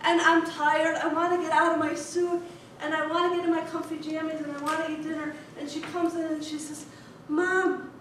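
A woman in her thirties from Chicago, giving a humorous speech to an audience with a wry, deliberate storytelling manner. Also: sits high, flat delivery, fairly bright tone. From Chicago, USA. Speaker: contest speaker. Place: large echoey hall before an audience. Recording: echoey hall, distant mic, noisy.

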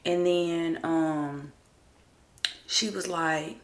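A woman in her thirties talks slowly and casually at home, rambling from one thought to the next. Her voice sits a little low, with a roomy echo around it. Now and then she drops into hushed asides. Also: slight background noise. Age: 30s. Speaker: vlogger. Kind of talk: casual chat to camera. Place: at home getting ready.

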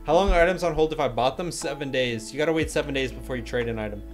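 A young man chats loosely on a livestream and reads viewer messages aloud. He jokes and talks in slang, at a medium pitch. Soft music plays faintly behind him. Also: very fast. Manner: laid-back, joking, slangy, reads chat aloud. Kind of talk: casual livestream chat.

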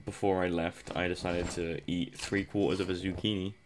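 A man's voice: deep voice, flat delivery, normal speed, a little hiss or hum. A young man giving casual, rambling commentary over a survival game, self-mocking and chuckling often. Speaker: gameplay commentator.

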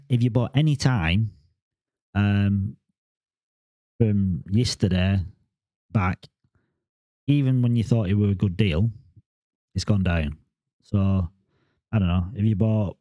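A man in his forties rambles through a casual vlog monologue, stumbling over repeated words. His voice sits fairly low, with a warm, mellow tone. The sound is close and dry. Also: dry recording. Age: 40s. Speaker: crypto vlogger.

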